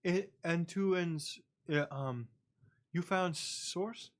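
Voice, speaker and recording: Someone voicing a halting otherworldly creature. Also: mid-range voice. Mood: curious. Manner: slow, broken, halting phrases. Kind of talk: tabletop role-play.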